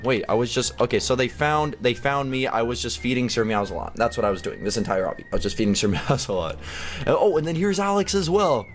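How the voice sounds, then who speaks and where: A man's voice: medium pitch, animated, moderate pace. A young man giving chatty, casual commentary on a game he is playing, often laughing and exclaiming. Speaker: gaming YouTuber.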